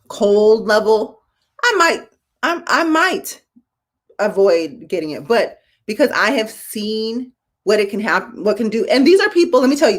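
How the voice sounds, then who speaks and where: A woman in her forties, a veteran nurse hosting a live-streamed talk show, speaking casually and growing emotional as she tells hospital stories. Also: medium pitch. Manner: casual, addresses viewers as y'all.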